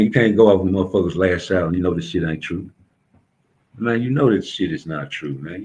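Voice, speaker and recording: A man's voice: low-pitched, darkish tone, poor audio. A young adult man, ranting bluntly and profanely in street slang as a commentator. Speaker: YouTube commentator. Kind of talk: casual ranting monologue.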